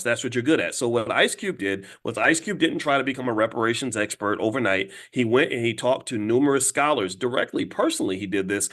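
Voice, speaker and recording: Man, middle-aged, streaming host, rapid delivery, animated, mid-pitched voice. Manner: fast, animated, acts out quoted voices with big pitch jumps. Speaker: online show host. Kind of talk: fast live-stream commentary.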